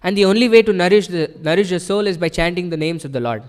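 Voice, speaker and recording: A man's voice: high-pitched, fast talker, in a large hall. A man giving an earnest devotional sermon at a temple, explaining patiently and often checking in with his listeners. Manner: earnest, explanatory, with frequent rhetorical "right?". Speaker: temple speaker. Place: temple hall.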